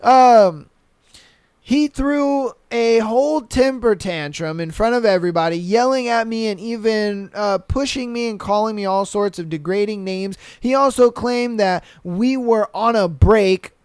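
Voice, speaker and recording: A young man with a high, smooth, resonant voice reads listener stories on his podcast. He breaks in with blunt, profane reactions, and the sound is close and dry. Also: a little slow, no echo. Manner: profane, animated, blunt commentary. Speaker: podcast host.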